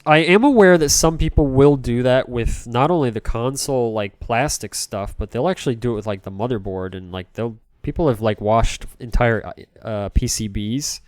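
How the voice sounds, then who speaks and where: A man's voice: mid-range voice, a little mellow, smooth, no room sound, clean studio sound. A man streaming live as he cleans a game console, rambling in a jokey way and answering chat.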